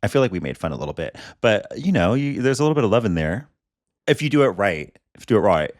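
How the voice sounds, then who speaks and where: A young man co-hosting a podcast, animated and teasing in casual chat. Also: lowish voice, no echo, clean studio sound. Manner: animated, quick to laugh and tease. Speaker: podcast co-host.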